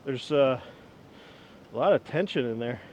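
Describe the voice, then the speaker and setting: Animated and evenly paced, a man in his twenties who vlogs about woodworking chats casually outside while using an old axe. He rambles, pokes fun at himself and chuckles a lot, with wind rumbling in the background.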